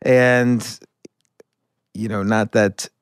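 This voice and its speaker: A man's voice: on the low side, steady tone, extremely slow, clean tone, no room sound, studio quality. A middle-aged man hosting a podcast, telling a story in a rambling, self-correcting way. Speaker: podcast host. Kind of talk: casual conversational interview.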